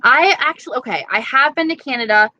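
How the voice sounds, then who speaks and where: A woman's voice: sits high, expressive, quick pace, bright, forceful tone, no echo, highs cut off. A young woman chatting casually with viewers on a live stream, gushing and dramatic.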